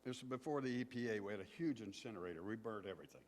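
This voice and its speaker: A man from southern Indiana, a pastor telling stories in a sermon in a folksy, unhurried way. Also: fairly low pitch, animated, darkish tone. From southern Indiana, USA. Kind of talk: sermon storytelling. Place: church sanctuary. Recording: long hall reverb.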